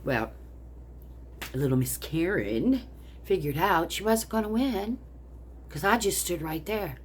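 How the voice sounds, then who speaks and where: A woman's voice: on the low side, expressive, slow, a little hiss or hum. An older woman vlogger telling a story angrily, in a heated, profane rant. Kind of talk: angry personal storytelling.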